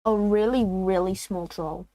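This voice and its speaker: A woman's voice: mid-range voice, fairly even intonation, a little slow, warm tone, no room sound. A woman taking part as a player in a casual tabletop game, offering short, hesitant suggestions.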